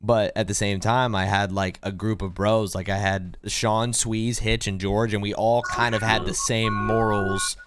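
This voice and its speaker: A man's voice: lowish voice, unhurried, hardly any pauses, background noise. A young man in casual chat, telling a story with lots of acted-out quotes. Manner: animated storyteller, acts out quoted people. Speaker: podcast co-host. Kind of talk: casual storytelling among friends.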